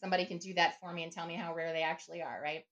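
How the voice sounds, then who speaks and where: The recording is muffled as a middle-aged woman, guesting on a podcast, speaks rapid-fire in a low-leaning, fairly bright voice with little pitch movement. The interview is conversational and reflective, and she often checks in with "right?" and "you know."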